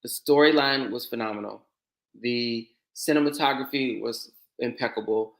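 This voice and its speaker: Gravelly-voiced man, laid-back podcast co-host. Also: medium pitch, moderate pace, a bit bright. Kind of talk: casual movie review chat.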